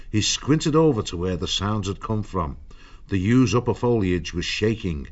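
A man reading an audiobook in a measured storytelling manner. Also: low-pitched, dull audio. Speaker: narrator. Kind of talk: audiobook narration.

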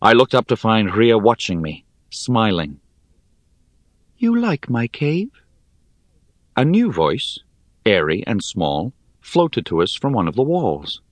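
A man narrating a fantasy novel in the first person, measured and expressive. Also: lowish voice, dry recording. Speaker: audiobook narrator.

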